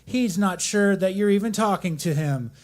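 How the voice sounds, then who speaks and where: A man's voice: high voice, normal speed, a little mellow. A man doing a rambling, self-deprecating comedy set at a coffee shop open mic, often stopping and restarting his sentences.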